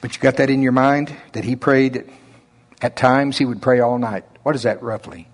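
A man with an Oklahoma accent preaching a sermon in a slow drawl, with emphatic rises and drops. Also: medium pitch, fairly even intonation.

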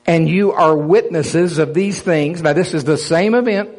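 A man's voice: a little high, normal speed, few pauses, darkish tone. A man preaching a Bible teaching sermon, emphatic, reading scripture aloud and putting rhetorical questions to his listeners. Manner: reads scripture aloud in King James wording.

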